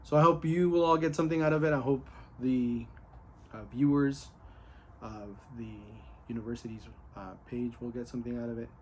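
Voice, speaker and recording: A man in a casual, excited recap of his day, candid, full of fillers and with the odd curse. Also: mid-range voice, normal speed, slight background noise. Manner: candid and excited, with many fillers and a bit of cursing.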